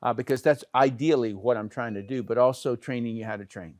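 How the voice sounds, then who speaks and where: A man's voice: mid-range voice, fairly quick, darkish tone, no room sound, studio quality. A middle-aged man giving a casual training talk on network marketing, chatty, with many fillers and restarts. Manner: conversational, many fillers and restarts, pointing with "here".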